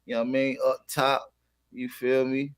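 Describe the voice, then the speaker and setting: A man hosts a casual livestream at a middle pitch, talking in loose slang. He greets viewers from the chat by name and keeps plugging his merch. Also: monotone, normal speed, clear, resonant tone. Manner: plugs merch with repeated calls to shop. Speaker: livestream host.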